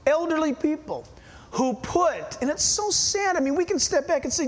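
A male pastor preaching a sermon, emphatic and full of rhetorical questions, dropping to hushed asides for effect. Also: extremely high pitch, very animated, measured pace.

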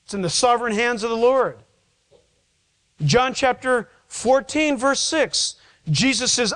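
Emphatic high-voiced male pastor preaching. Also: unhurried, a bit bright, poor audio. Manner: pleading, emphatic preaching with rhetorical questions. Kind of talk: sermon.

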